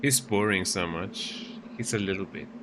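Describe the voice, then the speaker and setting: A man's voice: sits low, moderate pace, background noise. A young man streaming a video game, rambling casually and cooing baby talk at his cat between moves. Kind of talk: casual gameplay commentary. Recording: game music behind the voice.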